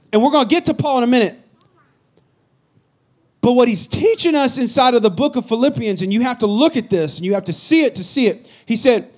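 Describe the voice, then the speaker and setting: A middle-aged man from the Bay Area preaching a sermon as pastor, animated and joking with his congregation. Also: very high voice. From San Francisco Bay Area. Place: church hall with a congregation.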